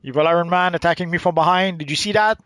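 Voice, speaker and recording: A man giving relaxed, chatty gameplay commentary and explaining things to new players as he plays. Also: sits high, quick pace, no room sound. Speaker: gaming channel host.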